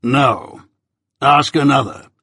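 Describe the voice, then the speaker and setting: A man with a husky voice voicing a stern, deliberate middle-aged lawyer who questions slowly and emphatically, in a storybook reading. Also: mid-range voice, bright, forceful tone, dry recording, clean studio sound, exaggerated voice. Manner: slow, emphatic cross-examining delivery.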